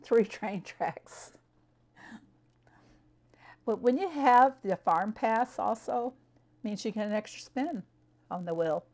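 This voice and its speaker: A woman's voice: mid-range voice, expressive, takes it slowly, long pauses, a little mellow. A woman streaming a farming game, chatting casually with her viewers, answering them by name and laughing often. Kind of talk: casual live-stream chat.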